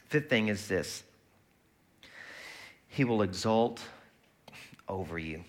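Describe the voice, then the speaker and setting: A man preaching a sermon in a conversational, lively way, often slipping into quoted voices. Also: on the low side, slow pace, long pauses. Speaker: pastor.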